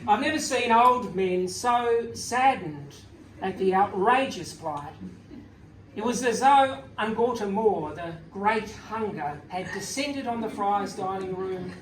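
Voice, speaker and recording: A man's voice: high-pitched, animated, slow pace. Wry storytelling man in an echoey hall. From Australia. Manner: wry, storytelling, gently humorous. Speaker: author at a book launch. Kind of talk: public speech with anecdotes. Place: event venue, indoors. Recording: echoey room from far off, faint noise.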